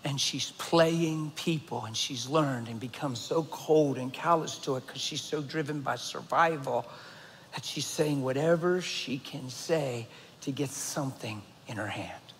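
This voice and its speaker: A man preaching a sermon as a pastor, telling a story with loud excited bursts and hushed earnest stretches. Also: mid-range voice, measured pace, slight background noise. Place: large church hall. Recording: reverberant church hall.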